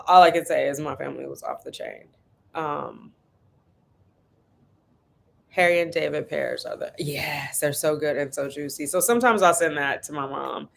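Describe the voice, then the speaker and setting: Woman, lowish voice, chatty live-stream host telling animated stories from home. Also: gravelly. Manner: chatty, animated storytelling with laughs. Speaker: vlogger hosting a live stream. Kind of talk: casual live-stream chat.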